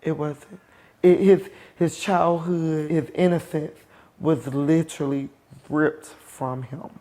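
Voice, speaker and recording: A woman's voice: low-pitched, fairly even intonation, dark tone. Emotional middle-aged woman telling her story. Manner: emotional, halting, with pauses and restarts. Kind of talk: personal testimony.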